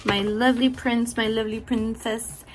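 Frank, profane woman with soft music. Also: a little high, little pitch movement, moderate pace. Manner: frank and profane, affectionate, laughs often. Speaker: beauty vlogger. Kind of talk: candid motivational talk to camera.

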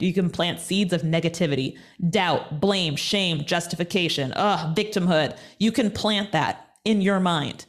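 Speaking on the low side, this woman is a TV personality and speaker interviewed over a call. Her talk is energetic, emphatic and motivational, and she repeats points for effect.

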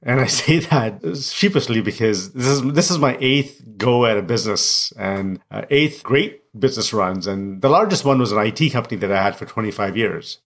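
A man's voice: lowish voice, expressive, moderate pace, hardly any pauses, fairly bright tone. A middle-aged man whose first language is not English, telling his life story candidly as an interview guest. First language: non-English first language. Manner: reflective and candid. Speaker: guest, coach and speaker.

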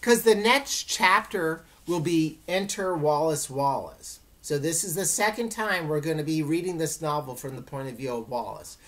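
A woman's voice: sits low, normal speed, hardly any pauses. A woman teacher giving friendly instructions to her students in a recorded lesson.

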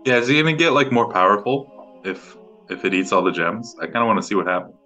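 A man's voice: lowish voice, expressive, quick pace, sharp tone, faint music behind. A man playing in a tabletop game over a call, chatting in a laid-back way with short replies. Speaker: player. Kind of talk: casual tabletop chat.

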